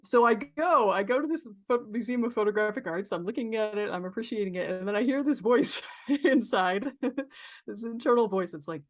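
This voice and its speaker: A woman's voice: mid-range voice, a little fast. A woman guest on a podcast, talking casually and reflectively about creativity, with frequent fillers and restarts. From San Diego, California. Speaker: therapist guest.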